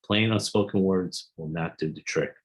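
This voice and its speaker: A man's voice: sits low, normal speed, low-quality recording. Earnest man summarizing a self-help book. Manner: earnest, explanatory, reads quotes aloud.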